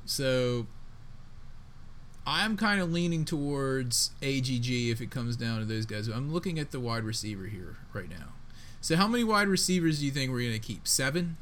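A man co-hosting a casual sports podcast, talking in an emphatic, excitable way with plenty of slang. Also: medium pitch, normal speed. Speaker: podcast co-host.

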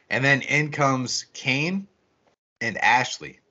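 A man's voice: mid-range voice, takes it slowly. A man co-hosting a podcast, recapping a movie in casual, profane chat and acting out the quotes. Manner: animated storytelling with acted-out quotes. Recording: dull lo-fi recording.

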